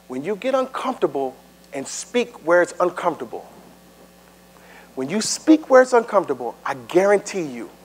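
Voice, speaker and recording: A middle-aged pastor preaching a sermon in a conversational way, with stammered restarts, swinging from loud, high bursts to low, hushed asides. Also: male voice.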